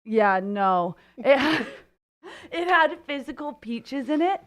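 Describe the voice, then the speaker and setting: A woman's voice: high voice, big pitch swings, takes it slowly, a bit bright. Laid-back young woman co-host. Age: young adult. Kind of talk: casual podcast chat.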